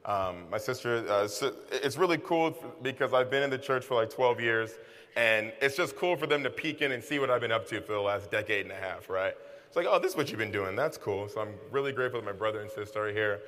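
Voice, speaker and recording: A man preaching a sermon in a relaxed, conversational and self-deprecating way, with asides and repeated phrases. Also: mid-range voice. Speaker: pastor. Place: large hall with an audience. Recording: long hall reverb.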